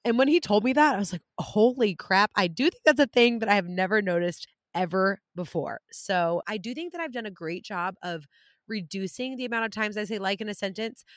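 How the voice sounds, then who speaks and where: A woman with a Californian accent hosts a relaxed podcast chat, upbeat and talkative. Her voice has a middling pitch, recorded close with no room sound. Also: brisk, no room sound. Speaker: podcast host. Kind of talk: casual conversation.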